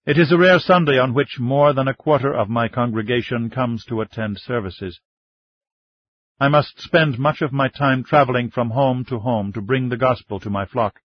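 A man voicing a dignified male minister in his fifties, speaking in a measured, formal way in an audiobook. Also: medium pitch, no echo, natural voice. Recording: dull lo-fi dry recording.

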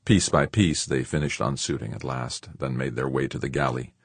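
A man with a very deep, husky voice narrates an audiobook. His delivery rises and falls in a lively way, and the recording is dry and close. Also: normal speed, dry recording. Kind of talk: scripted narration.

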